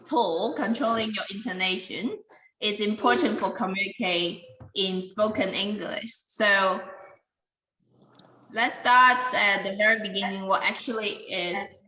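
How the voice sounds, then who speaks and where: A woman's voice: mid-range voice, a little slow, sharp tone, echoey room, poor audio. A woman teaching an English pronunciation class, patiently explaining and calling on students by name.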